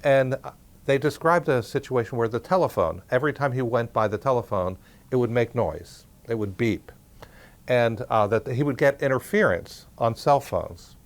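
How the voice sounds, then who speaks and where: A man's voice: medium pitch, normal speed. Man telling a research story. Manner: conversational, acts out quoted dialogue. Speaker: parapsychology researcher. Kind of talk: storytelling talk.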